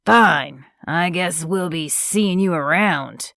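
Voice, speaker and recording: Storybook antagonist: woman reading a pushy man, placating with an edge, slow and dry. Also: lowish voice, dry recording, lightly acted. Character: pushy man, pleading then sneering.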